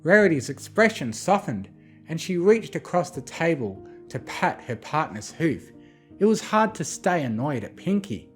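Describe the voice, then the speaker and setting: A bedtime story narrator reading fanfiction aloud. The reading is calm yet expressive, with a lively pitch. Soft music plays faintly underneath. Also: normal speed. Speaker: fanfiction reader.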